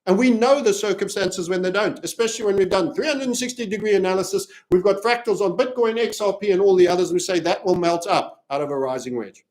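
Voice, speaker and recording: A man's voice: sits high, quick pace, few pauses, darkish tone. A man from Africa hosting a crypto chart analysis video, rambling and jokey as he walks through the charts. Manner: rambling, jokey, self-promoting. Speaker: crypto trading analyst and channel host.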